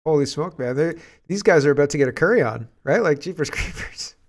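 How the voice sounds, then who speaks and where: A man's voice: a little high, animated, brisk, a little hiss or hum. A Canadian man hosting casual political commentary, rambling and sarcastic and often laughing.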